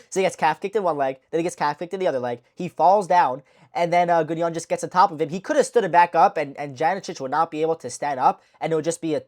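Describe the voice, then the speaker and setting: A woman hosting a casual fight recap vlog, talking in a profane, rambling way and correcting herself as she goes. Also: on the low side. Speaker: MMA channel host.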